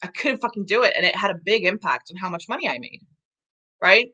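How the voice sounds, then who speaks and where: A woman's voice: medium pitch, animated, pushed and bright, highs cut off. Blunt, swearing woman coach. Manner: frank, emotional, heavy swearing and quick laughs. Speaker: business coach hosting a live stream. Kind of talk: casual live-stream chat reading comments.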